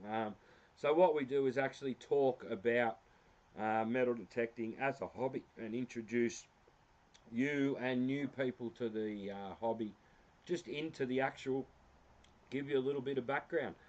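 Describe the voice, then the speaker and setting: A man's voice: mid-range voice, moderate pace, a little mellow. An Australian man hosting a casual livestream, talking through a website with lots of fillers and self-deprecating asides. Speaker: livestream host. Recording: slightly dull lo-fi sound.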